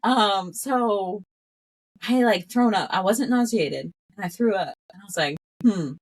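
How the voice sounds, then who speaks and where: A woman's voice: mid-range voice, measured pace, breathy edge. A woman guest on a podcast telling a story in casual conversation, laughing often and acting out what she said back then. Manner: animated, laughs often, acts out her own past words.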